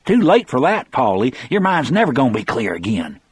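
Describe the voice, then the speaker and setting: A man's voice: mid-range voice, huge pitch swings, a little fast, slightly rough, pitched above the performer's own voice, exaggerated voice. A man voicing a sneering, bullying male nursing-home orderly with mocking, menacing taunts.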